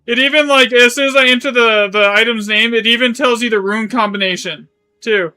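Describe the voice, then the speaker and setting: A man's voice: extremely high pitch, fairly even intonation, brisk, bright, forceful tone, smooth, faint music behind. A man streaming a game live, chatting casually in a rambling way, correcting himself as he goes and swearing now and then. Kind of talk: live gaming stream chat.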